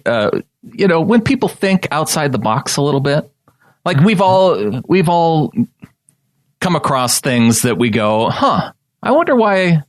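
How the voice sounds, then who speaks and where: Man, podcast co-host, lively swinging pitch, dry close mic, jokey banter with frequent laughs. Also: no echo. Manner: jokey, laughs often, acts out quoted lines. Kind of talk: casual chat.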